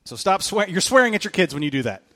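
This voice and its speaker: A man's voice: high-pitched, big pitch swings, fast talker, a bit bright. A middle-aged man preaching a casual sermon as pastor, joking with the congregation and acting out quoted lines. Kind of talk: conversational sermon.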